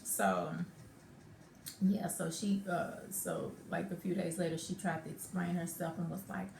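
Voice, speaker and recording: A woman vlogger telling a casual story, slangy and animated, swearing freely. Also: on the low side, measured pace, creaky, noisy background. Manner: animated retelling, acts out quotes, swears freely. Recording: echoey room.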